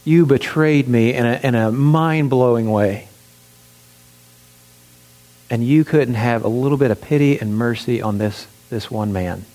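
A stern, wrathful king hands down his sentence in grave, commanding words, as a preacher puts him on. The voice sits at an ordinary middle pitch and is only lightly changed from the speaker's own. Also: measured pace, a little mellow, natural voice. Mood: furious.

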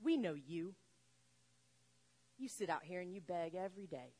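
A woman preaching a sermon, retelling a story with lively acted-out voices. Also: on the low side, moderate pace, breathy edge. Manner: animated, acts out voices in the story. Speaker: pastor.

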